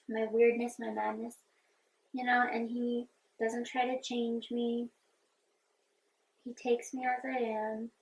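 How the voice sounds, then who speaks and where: A woman's voice: on the high side, poor audio. A young woman vlogger in casual get-ready-with-me chat, talking in a chatty, heartfelt and earnest way.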